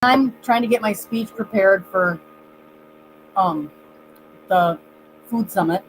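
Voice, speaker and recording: A woman's voice: medium pitch, slow pace. Chatty woman on a faintly noisy call. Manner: apologetic, chatty, laughs lightly. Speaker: co-host. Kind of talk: casual live-stream chat.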